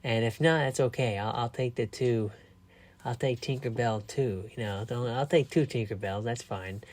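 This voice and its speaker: A man's voice: mid-range voice, normal speed, darkish tone, dry recording. A man casually telling a rambling story to his viewers, a little tired, with frequent restarts. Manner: rambling, chatty, with restarts and laughs. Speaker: vlogger.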